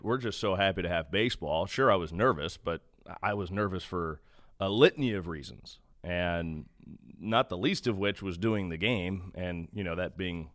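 Young broadcaster guy, low voice, earnest and a bit self-deprecating, dry close sound. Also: fairly bright tone, no room sound. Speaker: baseball broadcaster, guest. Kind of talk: conversational storytelling.

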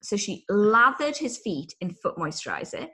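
A woman's voice: medium pitch, big pitch swings, moderate pace, sharp tone. A woman, co-hosting a casual chat and telling self-mocking stories with giggles. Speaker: podcast co-host.

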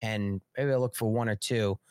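A man hosts a casual live political show, rambling with sarcasm and swearing often in laid-back live-stream commentary. His voice is fairly low and a little mellow, with fairly even intonation and normal speed, in a dry, studio-quality recording.

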